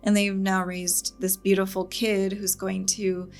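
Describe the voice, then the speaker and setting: A woman's voice: medium pitch, flat delivery, unhurried. A woman hosting a casual reaction video, talking in an earnest, reflective way and laughing often. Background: show soundtrack music.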